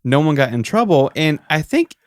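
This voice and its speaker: A young man co-hosting a podcast, telling a school story in a lively way and acting out the quotes. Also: fairly high pitch, moderate pace, no echo, clean studio sound. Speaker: podcast co-host. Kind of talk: casual storytelling chat.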